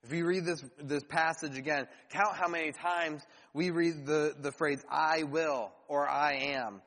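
A man's voice: fairly high pitch, steady tone, measured pace, a bit bright, in a large hall, poor audio. A male pastor preaching a sermon, earnest and direct, asking the listeners rhetorical questions.

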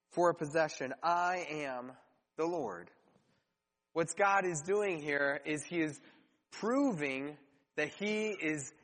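A man's voice: fairly high pitch, a bit bright. Man preaching in a reverberant hall. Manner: earnest preaching with rhetorical questions. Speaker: pastor. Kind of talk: sermon.

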